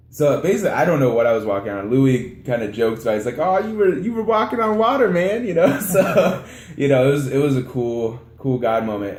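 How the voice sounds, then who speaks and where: A young man telling a vlog story about a flooded road, animated and acting out his own panicked moments. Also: mid-range voice, echoey room.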